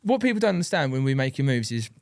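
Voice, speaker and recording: A man's voice: mid-range voice, very animated, rapid-fire, darkish tone, no room sound, clean studio sound. A man hosting a podcast, chatting and teasing his guest in easygoing banter. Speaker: podcast host. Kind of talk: casual podcast chat.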